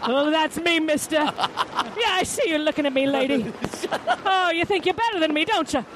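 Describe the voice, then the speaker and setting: Woman improvising a boozy mother shouting at a jury, high, loud, over the top. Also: animated, moderate pace, noisy background. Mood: pleading. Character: desperate boozy mother pleading in court.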